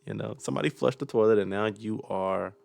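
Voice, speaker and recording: Gravelly low-voiced man joking through a reaction video. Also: a little fast, darkish tone, no echo. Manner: chuckles often, loose and joking. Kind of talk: casual reaction commentary.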